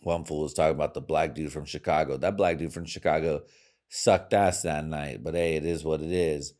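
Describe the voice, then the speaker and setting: A man with a very deep voice rants on his own podcast in a crude, rambling monologue, swearing constantly and drifting from point to point. His tone stays steady and his pace fairly quick, yet his volume and pitch lurch loudly up and back down.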